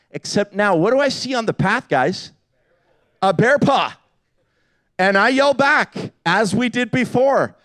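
A man's voice: high voice, clear, resonant tone. A middle-aged man preaching to a live audience, telling jokey stories and acting out the people he quotes. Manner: animated, jokey, acts out quotes with voices. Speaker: pastor. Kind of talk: humorous sermon storytelling.

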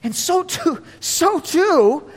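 High-voiced animated preacher in a hall. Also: male voice, very slow. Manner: animated, acts out quotes in voices, laughs often. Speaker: pastor. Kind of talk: sermon. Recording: long reverb of a large hall.

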